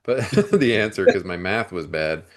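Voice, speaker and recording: A man chats as a guest over a video call. He talks in a laid-back way and swears casually. His voice sits low in pitch. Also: big pitch swings, moderate pace. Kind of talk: casual chat.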